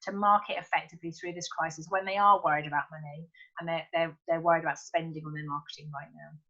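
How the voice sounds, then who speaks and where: A woman's voice: low voice, steady tone, quick pace, fairly bright tone, lo-fi sound. A middle-aged woman hosting an interview, asking questions and thinking aloud as she adds her own points. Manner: thinking aloud, with fillers and restarts. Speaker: interviewer and podcast host.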